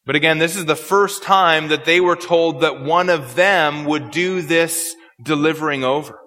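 A man's voice: a little high, normal speed, pushed and bright, soft background music. A man preaching an expository sermon, earnest and prone to repeating words as he searches for phrasing. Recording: long hall reverb.

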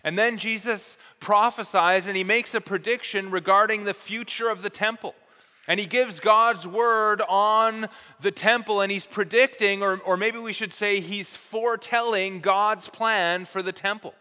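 High-voiced bright preacher in a reverberant hall. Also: male voice, steady tone, a little slow, smooth. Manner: earnest, explanatory teaching with careful emphasis. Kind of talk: expository sermon.

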